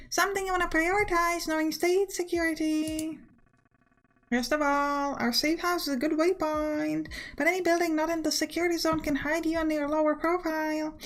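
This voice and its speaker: A woman's voice: sits high, normal speed, pitched above the performer's own voice, natural voice. A woman voicing a female gardener character with a put-on accent, reading her lines aloud from a game. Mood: teasing. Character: Spanish-speaking female gardener, brisk and sly.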